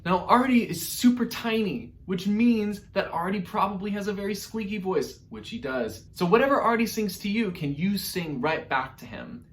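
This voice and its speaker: A man's voice: high voice, expressive, moderate pace, few pauses. A man teaching an online music lesson to young children, upbeat and encouraging as he speaks straight to the kids. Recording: roomy echo with faint music.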